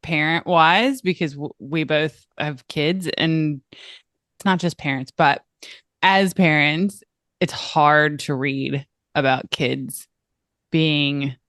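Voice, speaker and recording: A woman co-hosting a book podcast, relating a story in a relaxed, amused way. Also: deep voice, takes it slowly, dry recording, studio quality. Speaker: podcast co-host. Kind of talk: casual podcast chat.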